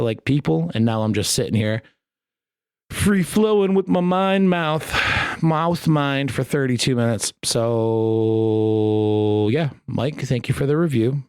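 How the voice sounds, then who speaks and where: A man's voice: medium pitch, vocal fry, darkish tone, no echo, clean studio sound. A man hosting a podcast on his own, talking in a rambling, jokey way with lots of swearing. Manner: rambling, profane, jokey rants. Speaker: podcast host. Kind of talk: casual solo podcast chat.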